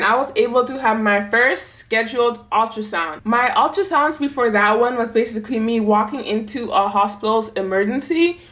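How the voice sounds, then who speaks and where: A woman's voice: a little high, fairly bright tone. A young woman vlogger telling a personal story to camera in a candid, conversational way. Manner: candid, conversational, plain-spoken.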